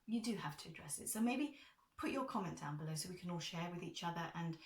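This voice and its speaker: A woman's voice: lowish voice, expressive, fast talker. A woman reading angel cards, talking in an earnest, confiding vlog manner. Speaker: angel card reader. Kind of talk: casual heartfelt vlog talk. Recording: echoey room, far from mic.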